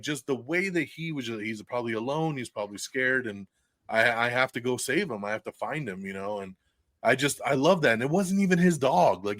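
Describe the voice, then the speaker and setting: A man hosting a podcast, reviewing a movie in casual, excited chat. He swears freely and laughs often. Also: mid-range voice, no echo. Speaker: podcast host. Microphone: podcast mic, recorded live for video stream.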